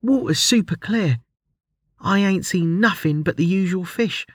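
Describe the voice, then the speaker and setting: A man's voice: high voice, measured pace, husky, no echo, clean studio sound, pitched above the performer's own voice. A man voicing a blunt female adventurer who talks in coarse slang. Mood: gruff cheerful. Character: rough cheerful female adventurer.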